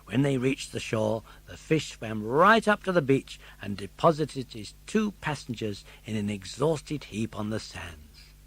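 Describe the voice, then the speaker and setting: An older man narrating a children's story in an expressive, animated way. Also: mid-range voice, a little slow, gravelly, slightly rough. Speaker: audiobook narrator.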